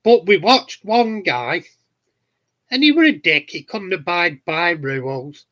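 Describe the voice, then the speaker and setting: Slow, bright-voiced Yorkshire man. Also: sits high, animated, lo-fi sound. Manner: cheeky anecdote-telling, plain-spoken. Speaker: hobbyist vlogger answering viewers. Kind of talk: casual chat. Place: home garden shed.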